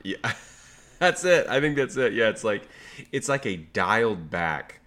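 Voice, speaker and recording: A man's voice: on the low side, big pitch swings, a little slow, fairly bright tone. A man co-hosting a podcast, chatting casually about movie trailers with jokey, sarcastic asides. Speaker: podcast co-host.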